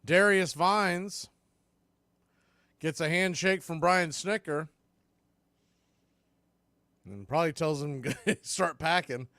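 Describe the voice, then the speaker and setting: A man calling live baseball play-by-play on a studio mic, with excitable calls and chatty asides. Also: a little high, slow, long pauses, no echo. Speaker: play-by-play announcer.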